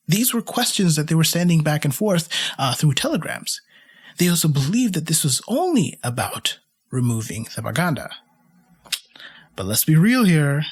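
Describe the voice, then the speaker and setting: A man's voice: fairly high pitch, big pitch swings, normal speed, slightly rough. A man hosting a history podcast, telling the story in a casual, wry way with asides to the listeners. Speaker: podcast host.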